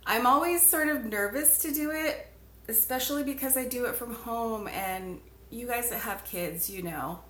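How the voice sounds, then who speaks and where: A woman hosts a casual craft livestream from home, chatting as she works and greeting viewers by name. Her mid-range voice is a bit bright, and the echoey room carries a little hiss or hum.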